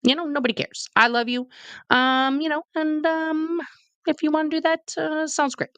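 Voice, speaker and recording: A man's voice: very high voice, little pitch movement, pushed and bright, no echo, voice pushed up, exaggerated voice. A woman doing a stammering awkward godfather. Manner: stammering, halting, repeats himself. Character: rambling awkward supportive middle-aged godfather.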